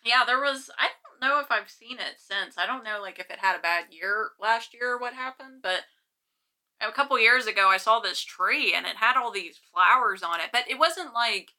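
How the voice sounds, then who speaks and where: A woman's voice: a little high, normal speed, pushed and bright. A woman co-hosting a casual podcast chat, talking loosely with lots of "like" and asking her co-host questions. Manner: chatty, full of "like", asks questions.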